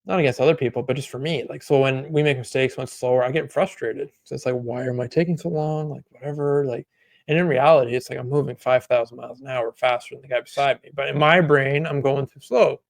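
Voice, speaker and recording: Gravelly young man, rambling casual talk. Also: mid-range voice, steady tone, fast, no echo, clean studio sound. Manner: rambling, reflective, heavy on 'like'. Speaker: podcast co-host. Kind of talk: casual chat.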